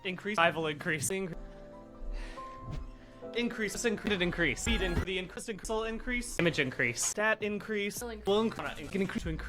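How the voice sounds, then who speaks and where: An animated man speaks in a rapid string of chopped-up single-word clips. His delivery lurches between loud bursts and quiet mutters, set over clear background music. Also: high-pitched. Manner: animated, jumpy delivery shifting loud and soft. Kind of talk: rapid supercut of clipped single words.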